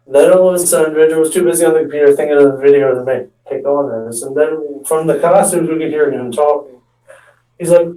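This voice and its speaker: A man's voice: on the high side, fairly quick, warm tone, distant mic. Rambling young man telling a story. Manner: rambling, restarts often, acts out quotes. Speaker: stand-up comedian telling a story. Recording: echoey room, voice off-mic.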